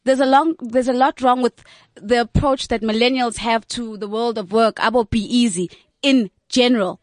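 A woman speaking in a panel discussion, her voice sitting a little high. She builds her points earnestly in long lists, recorded close and dry with no room sound. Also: fairly even intonation, normal speed, no echo. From South Africa.

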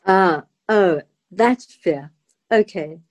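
A woman, an actress telling her story as a guest in dramatic, expressive bursts with stammered restarts. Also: on the low side, drawn-out words, no echo. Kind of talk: animated personal storytelling.

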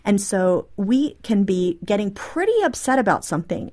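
A woman speaking as an interview guest, animated and explanatory, often acting out short quoted exchanges in her own talk. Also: medium pitch, normal speed, few pauses, husky. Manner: animated, acts out quoted dialogue. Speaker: guest author. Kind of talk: interview conversation.

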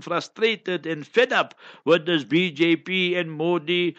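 Male preacher, sharp forceful delivery, fiery Q&A sermon, muffled lo-fi sound. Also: high voice, smooth. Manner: impassioned, fiery, recites Arabic in chant. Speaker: Islamic scholar answering questions. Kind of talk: preaching Q&A talk. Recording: dull lo-fi recording.

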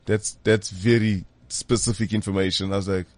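Low-voiced laid-back comic. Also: male voice, steady tone, darkish tone, no echo. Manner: laid-back, laughing, halting. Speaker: guest comedian. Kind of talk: casual chat.

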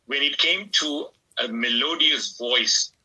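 A man's voice: medium pitch, takes it slowly, bright, forceful tone, breathy edge, low-quality recording. A man giving a devotional talk as an Islamic scholar guest on a radio program, speaking fervently and stretching words for emphasis.

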